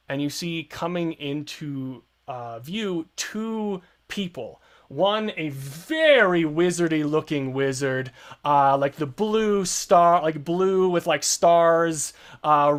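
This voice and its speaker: Slow-talking man as game master. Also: a little high. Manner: unhurried, filler-heavy description. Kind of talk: narrating a tabletop game.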